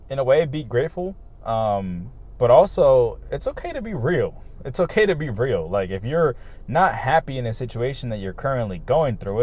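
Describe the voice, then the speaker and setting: A man's voice: medium pitch, warm tone. A young man talking candidly outdoors in a casual vlog, swearing freely and circling back with lots of fillers and repeated phrases. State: hiccuping. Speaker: vlogger. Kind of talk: casual rambling monologue to camera. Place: outdoors, just outside his home.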